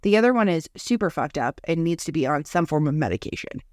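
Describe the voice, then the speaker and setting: A woman's voice: low voice, animated, fast talker, darkish tone, no room sound, studio quality. A young woman co-hosting a podcast in casual chat, blunt and opinionated, swearing casually. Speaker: podcast co-host.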